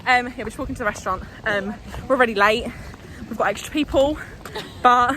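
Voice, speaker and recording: A woman's voice: a little high, a little fast, background noise. A woman, chatting bubbly and breathless in a casual vlog, laughing often. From England (Essex). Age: 20s. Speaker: vlogger. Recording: crowd chatter behind.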